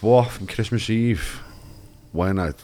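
A man's voice: fairly low pitch, slow, mellow. A man, telling laughing, sweary anecdotes in casual podcast chat. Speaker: podcast co-host.

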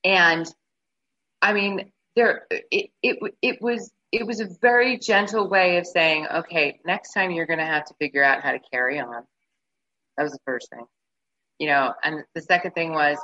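A woman with a bright, forceful but husky voice recounts a personal story in a relaxed interview, pitched a little low. She is animated and slips into the voices of the people she describes. The recording sounds dull and lo-fi. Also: moderate pace. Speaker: guest. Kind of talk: casual conversational storytelling.

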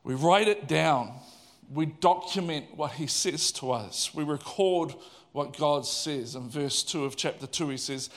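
High-voiced male preacher. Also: a little slow. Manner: animated, conversational, asks the audience questions. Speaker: pastor. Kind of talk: sermon.

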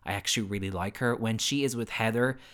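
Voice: medium pitch, fast talker, a bit bright. A young adult podcast host chatting expressively, swearing freely and mimicking people in big swooping voices. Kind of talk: casual chat.

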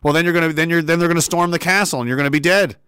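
A man talking on a casual livestream, excitable and profane, laughing often and restarting his sentences. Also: a little high, rapid-fire, smooth, dry recording, studio quality. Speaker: streamer.

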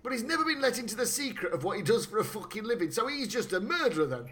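A man from Britain recaps a film in casual chat, his voice high and his tone bright. He is animated, swears freely and often stumbles and restarts his sentences. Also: fast talker.

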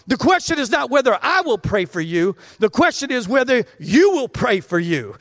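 A man's voice: extremely high pitch, animated, a little fast, few pauses, fairly bright tone, no echo, studio quality, in a large hall. A man preaching a sermon as pastor, emphatic and repetitive, with joking asides to the congregation. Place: church.

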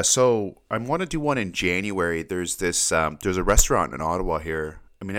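A man's voice: low voice, fairly bright tone. A man in casual podcast chat who rambles, stammers over repeated words and laughs often.

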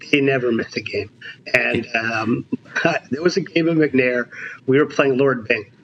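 A man in his sixties, a veteran basketball coach, telling stories in an animated, emphatic way during a casual interview. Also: mid-range voice, a little slow, muffled recording, slight background noise. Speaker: basketball coach, podcast guest.

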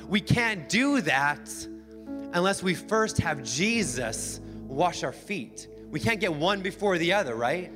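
A male pastor preaching a sermon in a church, emphatic and repetitive, returning to the same phrases again and again. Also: high-pitched. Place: church sanctuary. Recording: long hall reverb with band music.

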